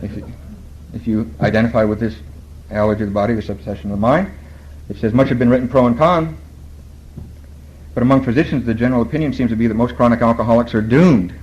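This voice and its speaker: A man's voice: medium pitch, steady tone, quick pace, long pauses, darkish tone, lo-fi sound. A man speaking at a recovery meeting, telling his story in a storytelling way, quoting other people and laughing at his own lines.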